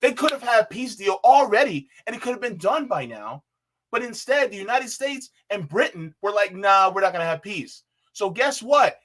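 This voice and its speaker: A man's voice: high-pitched, moderate pace. A man on a political panel, talking heatedly and repeating himself, calling people bruh. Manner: animated, repeats himself, says bruh, mimics others in quotes.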